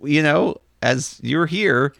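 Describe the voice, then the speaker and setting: A man's voice: on the high side, slow, creaky, a bit bright, no echo, studio quality. A man co-hosting a casual podcast, joking and laughing often. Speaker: co-host.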